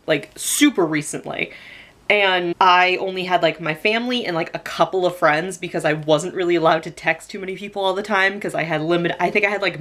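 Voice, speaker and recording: A woman's voice: on the low side, a bit bright. A young woman telling a personal story to the camera in a casual, chatty vlog style, with frequent "like" fillers. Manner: chatty, lots of "like" fillers, laughs while telling. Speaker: storytelling vlogger.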